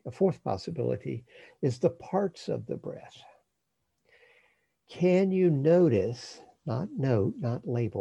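A man calmly teaching breath meditation, speaking in a slow, measured way that trails off softly at the ends of phrases. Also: mid-range voice, creaky, slightly rough, dry recording, lo-fi sound. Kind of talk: guided meditation instruction.

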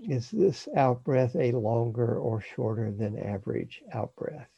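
A man calmly teaching breath meditation, speaking in a slow, measured way that trails off softly at the ends of phrases. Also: mid-range voice, vocal fry, slightly rough, dry recording, dull audio. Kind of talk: guided meditation instruction.

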